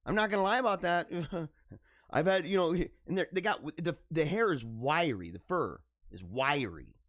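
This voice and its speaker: A man hosting a live stream, chatting casually with viewers in a joking, animated way, laughing often and stumbling over his words. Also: on the high side, moderate pace, dry recording, studio quality. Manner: animated, joking, frequent laughs and stammered restarts.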